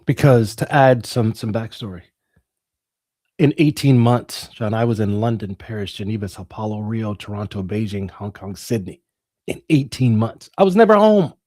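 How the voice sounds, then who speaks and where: A man's voice: on the low side, fairly even intonation, moderate pace, warm tone, no room sound, studio quality. A middle-aged man, an interview guest, telling a dramatic personal story with the odd laugh.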